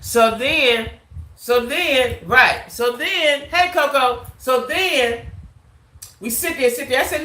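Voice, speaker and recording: A woman vlogger telling a casual storytime tale, animated, ending her lines with "right?". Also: sits high, slow pace, roomy sound.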